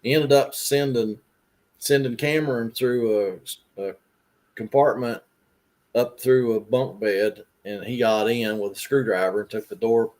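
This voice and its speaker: A man hosting a casual livestream chat over a call, relaxed and chatty, sharing his own repair stories. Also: medium pitch, a little slow. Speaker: host.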